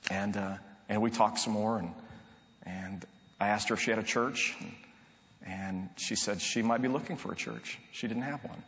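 A man's voice: on the low side, fairly bright tone. A middle-aged man preaching a sermon, telling a story in an earnest, conversational way with frequent restarts. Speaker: pastor. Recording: long reverb of a large hall.

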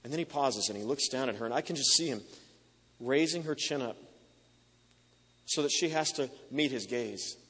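A man's voice: medium pitch, normal speed, pauses often, sharp tone, husky. A man preaching a sermon to a large hall, telling the story with emotive repetition. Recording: long reverb of a large hall.

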